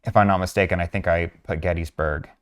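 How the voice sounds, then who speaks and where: A man walking through social media posts in an earnest, measured way, pausing with frequent fillers. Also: low voice, fairly even intonation. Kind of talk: narrated screen walkthrough.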